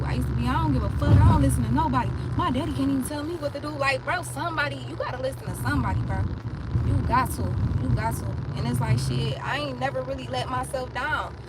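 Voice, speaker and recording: Young woman, artist, rambling profane monologue; slightly high voice; heavy engine noise behind. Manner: blunt, profane, rambling with many fillers. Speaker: recording artist. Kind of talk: casual monologue to camera. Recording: loud vehicle noise behind.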